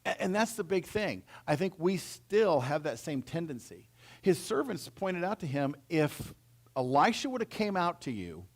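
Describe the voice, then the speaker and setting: A man's voice: fairly high pitch, big pitch swings, normal speed. A male pastor teaching through a Bible passage in a conversational way, retelling it in casual everyday slang.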